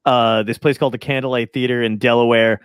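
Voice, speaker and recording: A man's voice: medium pitch, little pitch movement, fast talker, clear, resonant tone, dry recording, clean studio sound. A man, a stand-up comedian, chatting casually, laughing easily and swearing offhand. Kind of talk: casual chat.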